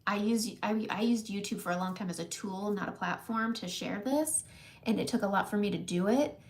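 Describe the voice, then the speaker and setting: A woman's voice: medium pitch, fairly quick. Emotional, chatty woman makeup vlogger. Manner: emotional, tearful at times, laughs often. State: close to tears. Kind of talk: casual heartfelt talk to camera.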